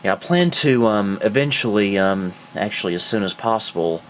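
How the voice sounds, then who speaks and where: A man's voice: fairly low pitch, moderate pace, hardly any pauses, slight background noise. A man narrating his computer build in a casual home video, chatty and self-mocking, somewhat out of breath.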